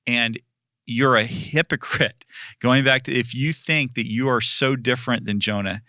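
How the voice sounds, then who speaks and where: A male pastor chats casually and animatedly, laughing often and slipping into character voices. His voice is bright and forceful, and the sound is dry and close to the mic. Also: medium pitch, fairly even intonation, normal speed, no echo. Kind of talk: casual discussion.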